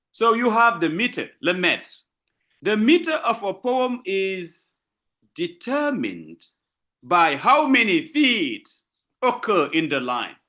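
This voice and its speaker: Lecturing online about literature, a man with a French-speaking West African accent speaks in a bright, forceful, high voice. He goes over examples more than once and slowly presses on key words.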